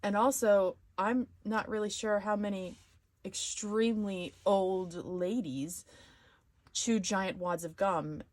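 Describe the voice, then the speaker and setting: A woman hosting her own live stream talks in a loose, rambling way. Her voice sits at an ordinary middle pitch. She chats to viewers as if they were in the room, thinking out loud between topics. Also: fairly even intonation, slow, slight background noise. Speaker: live-stream host of a sewing channel. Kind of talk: casual live-stream chat.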